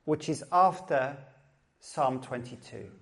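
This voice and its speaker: A middle-aged man with an Essex twang gives a relaxed, conversational sermon at a church service. He jokes with his listeners and doubles back on his own phrases. His pitch sits in an ordinary middle range for a man. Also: slow, vocal fry, breathy edge. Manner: chatty, joking, repeats phrases. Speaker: pastor.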